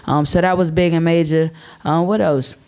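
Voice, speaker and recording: Brief: high, smooth-voiced man on a panel stage, laughing and slangy. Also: steady tone, normal speed, darkish tone. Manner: loose, laughing, slangy and heartfelt. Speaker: panelist and community youth worker. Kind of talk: casual speech to a live audience. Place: stage before an audience.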